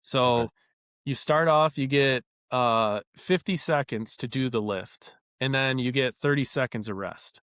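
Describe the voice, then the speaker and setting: A man's voice: mid-range voice, a little slow, clear, resonant tone, no room sound. Rambling young man, dry close sound. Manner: animated, rambling with many fillers. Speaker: former baseball player guest. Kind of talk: casual podcast storytelling.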